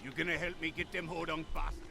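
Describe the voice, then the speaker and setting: An actor playing a gruff, hot-tempered male crime boss in a video game, with an Irish accent and blustering, profane talk. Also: a little high, little pitch movement, quick pace, music in the background. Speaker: game character.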